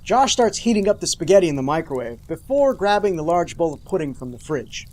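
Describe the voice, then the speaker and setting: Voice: medium pitch, very animated, brisk, hardly any pauses, a little mellow, a little hiss or hum. A show host giving a comedic, sarcastic recap of a TV episode, with mock-dramatic outbursts and jokey asides to the viewers.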